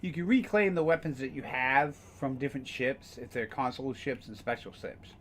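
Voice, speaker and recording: A man's voice: medium pitch, normal speed, fairly bright tone, a little hiss or hum. A man casually streaming a game, rambling with frequent fillers and the odd curse. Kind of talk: casual gameplay commentary.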